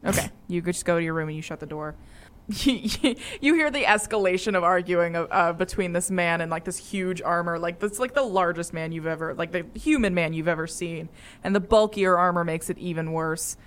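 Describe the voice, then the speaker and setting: A woman's voice: lowish voice, fairly quick, fairly bright tone. A young woman narrating a tabletop game as game master, rambling and playful with many fillers.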